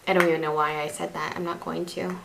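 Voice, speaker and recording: A woman's voice: lowish voice, flat delivery, fast, vocal fry, background noise. A young woman chatting casually through a makeup tutorial as a beauty vlogger, rambling, self-deprecating and restarting her sentences.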